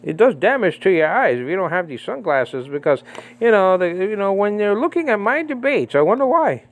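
A man riffs on a debate in loose spoken commentary, full of fillers and restarts. His voice sits a bit high and leaps up and down as he mocks and jokes. He sounds animated and scornful rather than formal. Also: fairly quick. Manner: animated, mocking, many fillers and repeats. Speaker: Bible commentator. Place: living in the Philippines.

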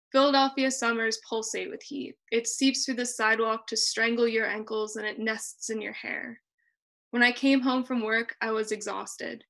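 A young woman reading her own personal essay aloud over a video call, in a measured and expressive way. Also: fairly high pitch. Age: young adult. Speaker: student reader.

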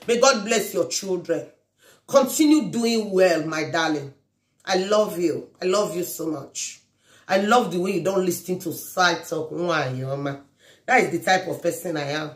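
A woman with a Nigerian accent giving a birthday shout-out in a sing-song, chanting way, mixing Pidgin and Igbo phrases with blessings and prayers. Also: lowish voice, echoey room. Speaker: vlogger.

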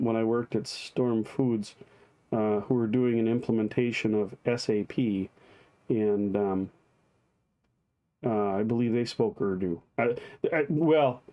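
A man's voice: mid-range voice, dark tone. A man, a pastor, leading a live-streamed daily devotion, chatting with viewers by name and reading liturgy aloud.

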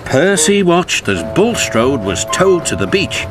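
A man with a British accent, gently and expressively narrating a children's cartoon. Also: on the high side, unhurried. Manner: gentle and expressive, voicing every character himself. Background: background music.

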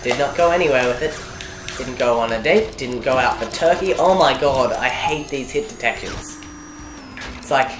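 Low-voiced woman rambling over gameplay. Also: moderate pace. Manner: rambling, jokey, talks to herself. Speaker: gaming commentator. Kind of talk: let's play commentary. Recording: echoey room with game music behind.

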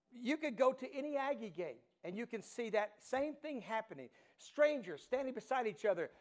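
A middle-aged man preaching a sermon as pastor, animated storytelling that swings from hushed to loud. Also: high voice.

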